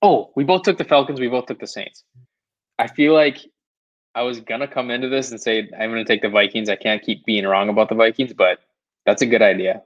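A man's voice: medium pitch, a little fast. A man co-hosting a podcast, chatting in an easygoing way about football bets. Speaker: podcast co-host. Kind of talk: casual sports betting chat. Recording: dull, dry lo-fi mic.

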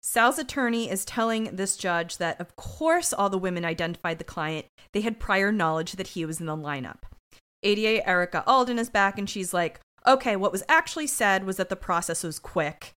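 Woman co-host, lively pitch, blunt and profane, casual recap. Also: normal speed, clear, resonant tone. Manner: blunt, swears, acts out quotes. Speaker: podcast co-host. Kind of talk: casual chat recapping a TV episode.

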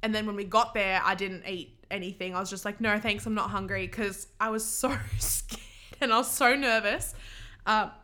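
Bright-voiced young woman rambling. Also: medium pitch, fairly even intonation, moderate pace. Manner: rambling, full of "like" and giggles. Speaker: podcast host. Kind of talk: casual storytelling monologue.

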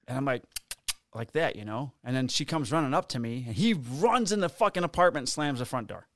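Man, mid-pitched, dry close mic. He tells a rowdy, profane cop story. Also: brisk, no echo. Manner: profane, animated, acts out quotes. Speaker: police officer guest. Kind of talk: casual storytelling.

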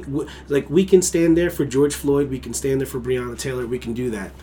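A man's voice: medium pitch, dark tone, slight background noise. A man of Mexican heritage co-hosting a casual podcast. He rants in a heated, emphatic and profane way. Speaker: podcast co-host.

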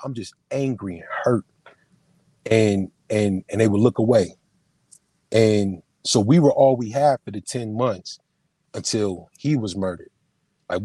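A man, a podcast guest, telling an emotional personal story in casual conversation, halting and full of slang and restarts. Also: fairly low pitch, a little mellow, husky, no room sound. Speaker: podcast guest, film producer and screenwriter.

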